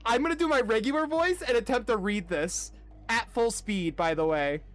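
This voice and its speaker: A man's voice: very high voice, moderate pace. A man streaming a game, chatting casually with his chat, laughing often and now and then reading game dialogue aloud at full speed.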